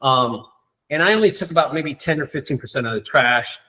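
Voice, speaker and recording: A man hosting a group meeting, talking in an excited, rambling way with many fillers. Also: mid-range voice, fairly quick. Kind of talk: casual group meeting talk.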